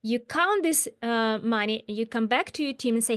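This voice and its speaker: A woman speaking as an as an interview guest, talking about her work with emphatic, animated rhetorical questions. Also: fairly high pitch, normal speed, few pauses. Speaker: guest, agile coach. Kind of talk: interview conversation.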